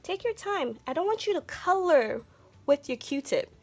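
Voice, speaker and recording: Woman art teacher for kids, gentle and encouraging, fairly high voice, faint music behind. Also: sing-song, a little slow. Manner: gentle, encouraging, talks to viewers directly. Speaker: art instructor. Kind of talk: children's art lesson.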